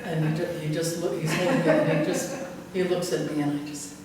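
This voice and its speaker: This older woman pastor talks a little fast in a low, level voice as she shares church anecdotes conversationally. Her telling is rambling and full of fillers and chuckles. The sound comes from afar in a reverberant church hall, with a faint noise floor.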